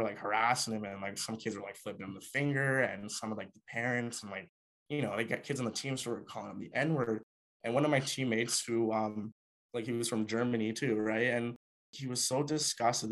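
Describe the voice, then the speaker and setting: A man's voice: medium pitch, fairly bright tone. A young man from Canada, a former hockey player, telling a personal story in a casual, conversational way, with frequent filler words. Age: young adult.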